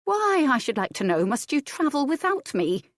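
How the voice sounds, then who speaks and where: A woman's voice: high-pitched, very animated, normal speed, no room sound, studio quality, voice pushed up. A woman voicing a fussy, protective older female servant who grumbles and complains, in an audiobook. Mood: grumbling.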